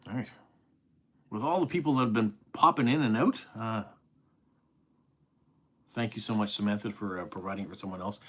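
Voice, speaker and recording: A man's voice: fairly low pitch, moderate pace, pauses often, breathy edge. A middle-aged man with an East Coast Canadian accent, hosting a casual live stream and reading viewer comments aloud in a friendly, chatty way.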